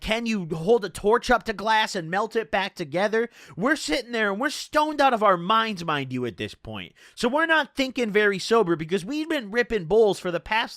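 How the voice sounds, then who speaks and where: A young man in his twenties spins a rambling, profane tale in a high, bouncy voice that swoops up and down. His tone is bright and sharp, and the sound is dry and close. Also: no echo. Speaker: streamer. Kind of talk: casual storytelling.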